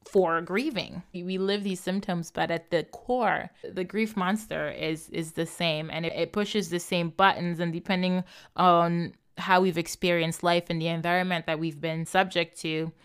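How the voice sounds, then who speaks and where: A woman with a low, smooth, resonant voice speaks candidly in a reflective monologue. She laughs often and slips into little acted voices when she quotes people. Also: fairly even intonation, normal speed. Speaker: podcast host.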